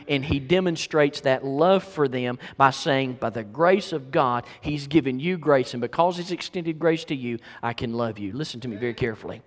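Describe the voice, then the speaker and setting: A pastor preaching a sermon in a church, moving from quiet storytelling to rising, emphatic preaching. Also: male voice, mid-range voice, moderate pace, hardly any pauses. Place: church sanctuary. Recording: long hall reverb.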